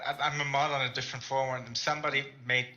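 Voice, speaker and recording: A man co-hosting a livestream, chatting casually, animated and laughing, often repeating words. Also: mid-range voice, rapid-fire, dull audio. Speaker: stream co-host. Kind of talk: casual chat.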